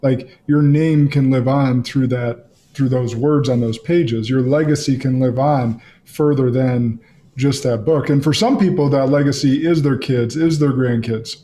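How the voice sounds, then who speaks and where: A man's voice: mid-range voice, fairly even intonation, unhurried, warm tone. A man hosting a podcast, asking friendly, reflective questions in a conversational interview. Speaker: podcast host.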